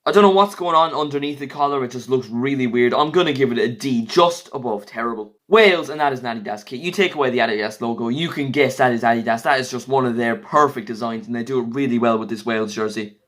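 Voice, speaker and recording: A man giving blunt, jokey, quick verdicts in a casual vlog, reviewing football kits. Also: medium pitch, fairly bright tone. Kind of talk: casual opinionated vlog commentary.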